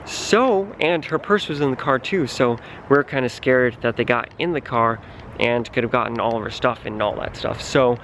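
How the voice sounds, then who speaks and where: A man's voice: mid-range voice, normal speed, fairly bright tone, slight background noise. A young man vlogging, telling a story in a chatty, dramatic way and often saying "like". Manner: chatty, dramatic, heavy use of "like". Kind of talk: casual storytelling to camera.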